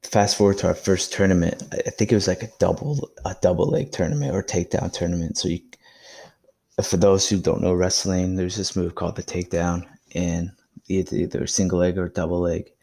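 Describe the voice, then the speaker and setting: A young man talks through his own podcast in a low, gravelly voice, telling stories from his past. His delivery stays fairly flat in pitch and has a casual, reflective and encouraging tone. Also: a little fast. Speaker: podcast host. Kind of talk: casual solo podcast monologue.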